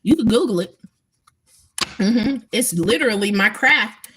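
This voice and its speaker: A woman's voice: a little high, expressive, measured pace, fairly bright tone, slight background noise. A woman talking emphatically and bluntly to her viewers in a casual spiritual livestream, swearing freely. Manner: emphatic, profane, talks straight to viewers.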